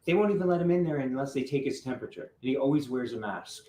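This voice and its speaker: A man playing an insistent divorced father who is quick to anger, in acted drama dialogue. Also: mid-range voice, animated, dark tone, lightly acted. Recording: roomy with faint noise.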